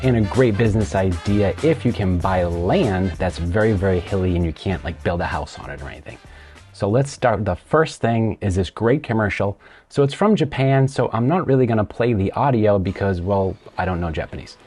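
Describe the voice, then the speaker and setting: A man hosting a casual solo show, retelling things in a rambling, animated way with plenty of restarts. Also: fairly low pitch, normal speed, soft background music. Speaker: podcast host.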